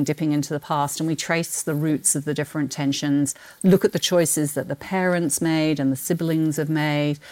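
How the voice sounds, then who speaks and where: A woman's voice: sits low, a little mellow. A British woman with a trace of an Australian twang, a podcast guest who describes books with enthusiasm and laughs often. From Britain. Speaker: guest, book marketing executive. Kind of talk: casual podcast conversation.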